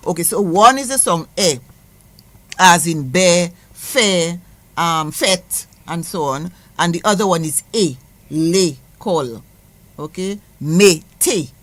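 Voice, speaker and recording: A woman's voice: on the low side, dry recording. Patient woman teaching sounds. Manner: slow, patient, repeats example words. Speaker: guest language teacher. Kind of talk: explaining pronunciation on radio. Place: radio studio.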